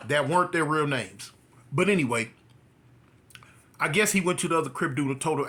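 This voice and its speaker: Animated, bright-voiced man telling a story. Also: fairly quick, pauses often. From California. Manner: animated, acts out dialogue with rising pitch. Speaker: former prisoner telling his story. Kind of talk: casual storytelling.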